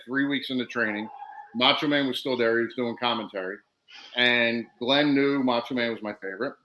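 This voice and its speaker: A man's voice: medium pitch, sharp tone, poor audio. A man guesting on a podcast, telling wrestling stories, laughing and acting out what people said. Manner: laughs through stories, acts out quotes. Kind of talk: animated storytelling.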